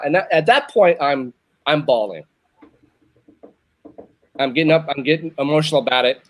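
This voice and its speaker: With a slightly high, brisk voice, this Northern Virginia man in his fifties, a show host, relates a long personal story in relaxed conversation. His telling rambles, circles back on itself, and keeps restarting.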